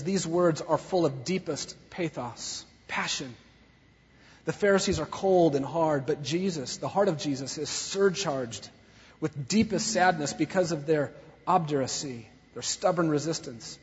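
A man preaching a sermon as a pastor, swinging from soft sorrow to loud fervor. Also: fairly high pitch, husky. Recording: dull recording in a long-echo hall.

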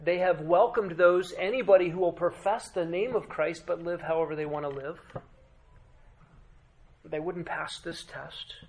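A male pastor delivering a sermon in a fairly high voice. He preaches with emphasis, sinks to a hush for weight, and puts rhetorical questions to his listeners. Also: fairly even intonation, moderate pace, a little hiss or hum. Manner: emphatic preaching with dramatic drops to quiet.

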